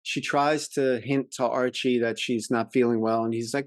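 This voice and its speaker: A man co-hosts a casual podcast, retelling episodes with eager, animated enthusiasm. His mid-pitched voice comes through a close mic in a dry, dead-sounding room. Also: unhurried, dry recording. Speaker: podcast co-host. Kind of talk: casual classic-TV chat.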